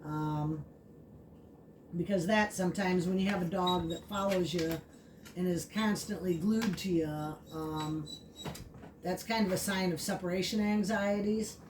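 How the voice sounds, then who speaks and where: A woman explaining puppy training in a casual, chatty way, full of fillers, switching to high baby talk for the dog. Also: measured pace, a little mellow. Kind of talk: casual vlog narration. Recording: distant mic with clear background noise.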